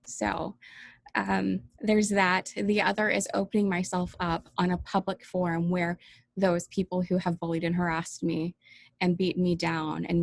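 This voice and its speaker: A woman life coach speaking earnestly and emotionally in a personal welcome vlog, pausing often and sometimes close to tears. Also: lowish voice, creaky, no echo. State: teary-eyed.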